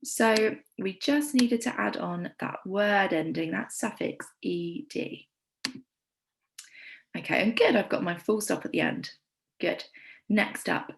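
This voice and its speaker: An English woman teaching a primary school lesson, with encouraging, clear teacher talk. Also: mid-range voice, takes it slowly, poor audio. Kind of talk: recorded remote lesson.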